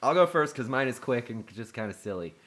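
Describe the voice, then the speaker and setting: A man hosting a loose, profane podcast. He speaks at an average pitch, fires back crude jokes and kicks off segments with playful energy. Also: expressive, fast talker, a bit bright. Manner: reactive, joking, profane. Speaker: podcast host. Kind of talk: casual chat.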